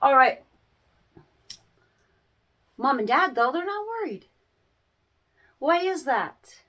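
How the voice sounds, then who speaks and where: A woman's voice: high voice, big pitch swings, slow pace, bright, forceful tone. A woman, a parent, giving a casual life-lesson talk to camera, earnest and repeating phrases for emphasis. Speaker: parent and small business owner.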